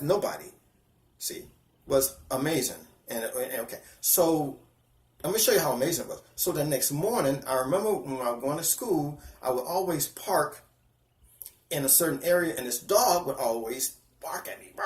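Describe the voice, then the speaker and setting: A man in his fifties sharing a personal spiritual testimony, earnest and halting, often restarting his sentences and close to tears. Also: a little high, roomy sound. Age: 50s. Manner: earnest, halting, with repeated false starts.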